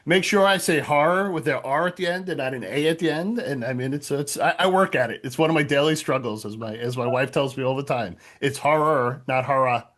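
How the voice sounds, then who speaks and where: A man's voice: fairly high pitch, fairly quick, hardly any pauses, fairly bright tone. A man from Long Island with a New York accent, chatting easily as a guest author and telling chuckling anecdotes. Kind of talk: casual podcast chat.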